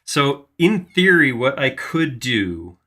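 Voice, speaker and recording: A man's voice: mid-range voice, sing-song, slow pace, sharp tone. A man hosting a live 3D modeling tutorial, casually thinking aloud as he works. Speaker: host modeling in 3D software.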